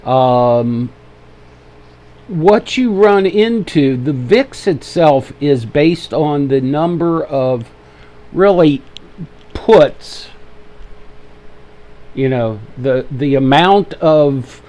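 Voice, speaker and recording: A man's voice: on the high side, animated, drawn-out words, pauses often, warm tone. A man with an Ohio accent hosting a casual live trading webinar, easygoing and joking with viewers while he sets up his microphone. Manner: easygoing, joking, fiddly with mic levels. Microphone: desk microphone he adjusts.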